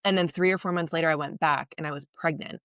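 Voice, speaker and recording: A woman's voice: deep voice, steady tone, fast, a bit bright, no echo, studio quality. A woman hosting a podcast, talking in an earnest, reflective and rambling way with lots of fillers. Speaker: podcast host. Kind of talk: casual conversation.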